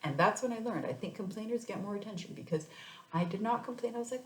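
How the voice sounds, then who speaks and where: A woman's voice: medium pitch, fast. A woman in her thirties, a mother telling her own story in a casual, rambling way with many restarts. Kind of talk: casual personal vlog. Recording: echoey room.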